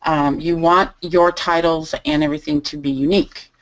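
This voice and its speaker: A woman teaching a live online lesson, calmly thinking aloud as she types through each step. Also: low voice, normal speed, poor audio. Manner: relaxed, thinking aloud while typing. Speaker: online selling instructor. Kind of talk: live screen-share tutorial.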